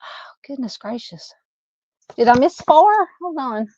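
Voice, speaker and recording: A woman's voice: high-pitched, animated, a little slow, darkish tone, slightly rough, no room sound, dull audio. A woman with a Southern US accent hosting a casual true crime live stream, rambling and chatty as she talks with viewers. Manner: rambling, chatty, lots of "you know" fillers.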